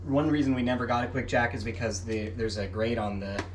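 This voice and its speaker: A man's voice: medium pitch, brisk, loud music behind the voice. A man co-hosting a car garage vlog, chatting casually and joking with his friend and the viewers. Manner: laid-back, joking, signs off to viewers. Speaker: co-host of a car garage channel. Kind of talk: casual chat. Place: home garage.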